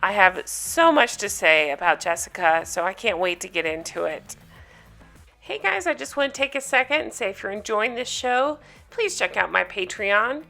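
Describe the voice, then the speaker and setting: A woman hosting her own recap show, talking casually through the episode in a sarcastic, gossipy, animated way. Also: medium pitch, moderate pace, creaky, soft background music. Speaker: podcast host recapping reality TV.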